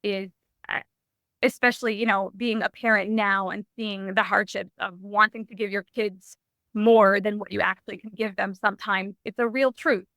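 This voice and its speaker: Young woman, podcast guest, animated storytelling, many fillers and restarts, dry close sound. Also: mid-range voice, moderate pace, dry recording. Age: young adult. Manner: animated, heavy use of "like", frequent restarts. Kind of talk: personal storytelling in conversation.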